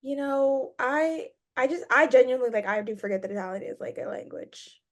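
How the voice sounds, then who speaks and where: A young woman co-hosting a casual podcast, with a voice a touch higher than most. She chats in a quick, animated way and readily agrees with her co-host. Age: young adult. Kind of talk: casual chat.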